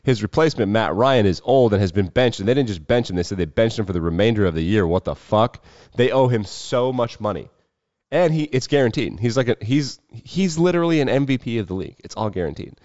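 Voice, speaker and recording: A man hosting a casual solo sports talk show, profane and wry with quick asides. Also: fairly low pitch, expressive, darkish tone, no room sound, lo-fi sound. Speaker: sports betting show host.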